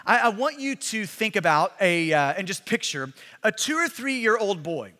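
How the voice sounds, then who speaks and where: A pastor preaching a sermon with emphatic, repetitive delivery that builds to shouts, recorded in a large hall. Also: male voice, high-pitched, big pitch swings, normal speed. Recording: long hall reverb.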